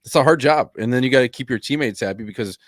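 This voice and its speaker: A man's voice: medium pitch, fast, no echo, studio quality. A man co-hosting a podcast in casual sports chat, laid-back and matter-of-fact, swearing now and then. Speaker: podcast co-host.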